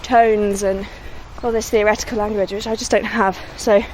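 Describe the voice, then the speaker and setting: Out on a countryside walk, a young West Midlands woman who writes and sings her own songs gives a casual interview, modest and quick to laugh. Her medium-pitched voice is flat and darkish, moving at a moderate pace. Slight background noise comes through as faint outdoor sounds and far-off vehicles.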